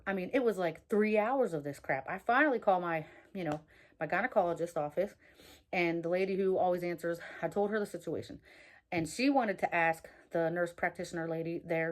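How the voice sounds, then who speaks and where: A woman talking casually and candidly to her viewers in a rambling personal vlog, with lots of fillers and restarts. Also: fairly low pitch. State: out of breath. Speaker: vlogger. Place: at work.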